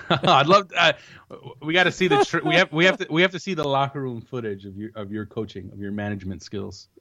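A man's voice: mid-range voice, steady tone, a little fast, sharp tone, dry recording. A man co-hosting a soccer podcast, teasing his partner and laughing often. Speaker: podcast co-host. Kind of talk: casual chat. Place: recording late at night.

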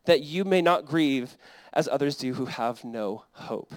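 A young adult pastor with a mid-range voice preaches a little slowly, recorded with no room sound. His sermon is earnest and conversational, building up to emphatic peaks.

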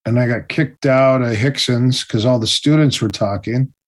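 A man telling stories in a casual interview, animated and acting out the other people's voices. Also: mid-range voice, moderate pace. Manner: animated, acts out quoted voices. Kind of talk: casual storytelling.

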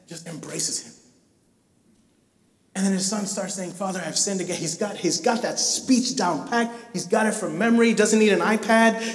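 A man preaching a sermon, telling a story animatedly and acting out its scenes. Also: sits high. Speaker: pastor. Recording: echoey hall, mic far off.

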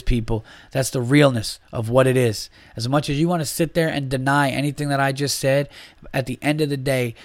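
A man's voice: mid-range voice, no room sound. A man hosting a podcast, ranting bluntly about basketball with a lot of swearing and restarts. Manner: blunt, profane, opinionated, with many restarts. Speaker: podcast host. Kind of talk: casual sports rant.

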